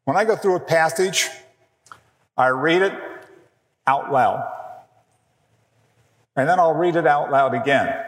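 Middle-aged guy teaching a workshop, slow and emphatic, echoey hall. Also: a little high, expressive. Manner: slow, deliberate, emphatic delivery. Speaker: biblical counseling teacher. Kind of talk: teaching a workshop session with slides. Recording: echoey hall, long reverb.

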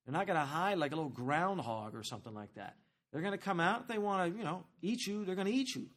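This pastor's sermon comes in a high, rapid voice; he chats with the congregation in a lively, conversational way and keeps asking them questions.

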